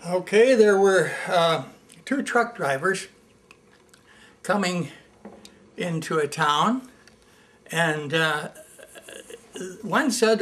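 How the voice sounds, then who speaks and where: Relaxed voice telling a joke. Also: medium pitch, slow, pauses often. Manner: relaxed storytelling with hesitations. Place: local public access TV studio.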